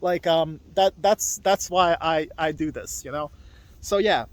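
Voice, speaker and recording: A man's voice: fairly high pitch, measured pace. A young man vlogging alone outdoors in a forest, rambling casually with lots of fillers and a little out of breath. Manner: loose and chatty, full of fillers and restarts. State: slightly out of breath from walking. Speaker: hot wheels vlogger. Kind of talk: rambling casual vlog talk.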